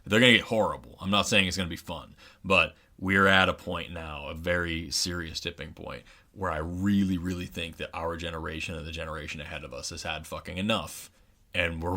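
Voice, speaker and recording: A man's voice: low-pitched, sharp tone. A young man from Oklahoma co-hosting a podcast, ranting angrily and swearing a lot in casual chat. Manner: angry, profane ranting. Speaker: podcast co-host.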